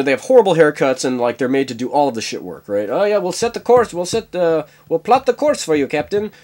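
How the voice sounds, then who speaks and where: A man riffing in a loose comic monologue, full of fillers and stray chuckles. His mid-range voice bounces up and down a lot as he talks. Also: medium pitch. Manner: rambling, full of fillers, laughs at own jokes.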